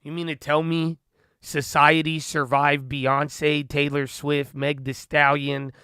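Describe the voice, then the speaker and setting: A man's voice: on the high side, flat delivery, slow pace, pushed and bright, clear, resonant tone, no room sound, clean studio sound. A man hosting a trading livestream, rambling loosely and talking to his chat with "bro" and "man". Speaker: stock trading streamer.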